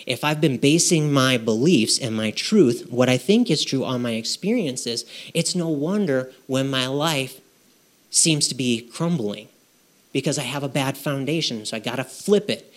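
A man's voice: mid-range voice, expressive, a little slow. A man preaching a sermon to his congregation in a conversational way, asking rhetorical questions and checking in with "okay?". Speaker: pastor. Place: church.

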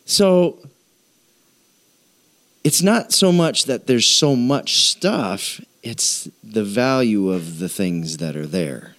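A male pastor preaching a sermon, animated and conversational, slowing down and dropping low to drive points home. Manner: animated storytelling, voices people in a high pitch, slows and drops low for emphasis.

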